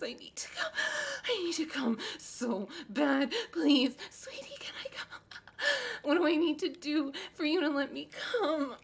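A woman acting in an erotic audio role-play as a desperate, pleading, domineering adult woman, breathy and alternating between whispers and sobs. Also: high-pitched, full character voice.

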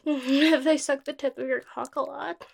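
A young adult woman performing adult audio role-play, with a teasing, intimate and unhurried delivery. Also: sits high, steady tone, gravelly, noisy background.

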